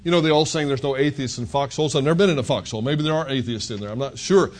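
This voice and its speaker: A man's voice: medium pitch, racing. A male pastor preaching an expository sermon in a conversational, emphatic way, full of rhetorical questions.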